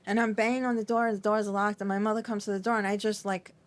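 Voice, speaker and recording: Middle-aged woman, podcast guest, mid-pitched, trembling voice, halting and full of restarts. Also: level tone. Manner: halting, repeats and restarts often, fillers like "like". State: shaky, trembling. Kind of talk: emotional interview recollection.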